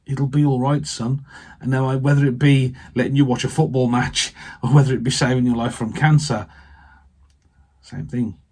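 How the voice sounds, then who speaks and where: British vicar giving a heartfelt, gravelly testimony. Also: male voice, mid-range voice, steady tone. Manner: heartfelt, halting, often trailing off softly. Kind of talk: personal faith testimony monologue.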